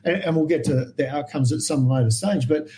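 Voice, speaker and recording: An Australian man tells stories in a podcast chat, his voice sitting a little high. He brings people to life by acting out what they said, and keeps the tale rolling. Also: a little fast, low-quality recording. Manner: animated anecdotal storyteller, acts out quoted voices. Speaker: guest herpetologist. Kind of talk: storytelling in a podcast interview.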